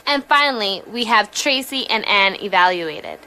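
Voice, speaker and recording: Bright female reader stumbling over script. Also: mid-range voice, lively intonation, moderate pace, slight background noise, poor audio. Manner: stumbling, repeating words as she reads. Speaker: on-air contestant reading a script.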